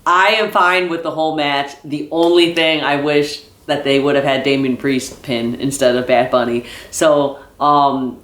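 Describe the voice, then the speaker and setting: Male fan vlogger, slightly high voice, rambling casual recap, echoey room. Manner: rambling, many fillers and restarts; excited fan. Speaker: wrestling vlogger.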